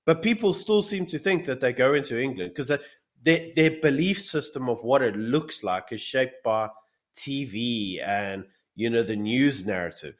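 A man's voice: medium pitch, lively intonation, normal speed. Give me a male podcast co-host from South Africa with a rambling, storytelling manner. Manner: rambling storytelling, acting out quoted people. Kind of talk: casual podcast chat.

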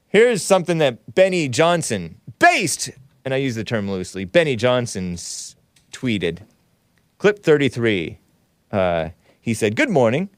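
Rambling, animated male talk show host. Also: medium pitch, a little slow, dry recording, studio quality. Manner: rambling, wry asides, frequent self-corrections. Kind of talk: casual call-in show chat.

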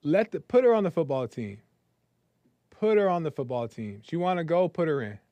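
A man's voice: on the high side, sing-song, moderate pace, warm tone, no room sound. A man hosting a call-in podcast, talking casually and emphatically in slang. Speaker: podcast host.

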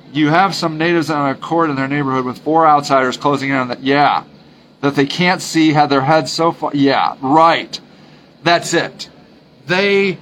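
A podcast host with a fairly high, slightly bright voice talks alone, earnest and emphatic, often repeating his points. His delivery is halting, with frequent sentence restarts, and the low-quality recording has slight background noise.

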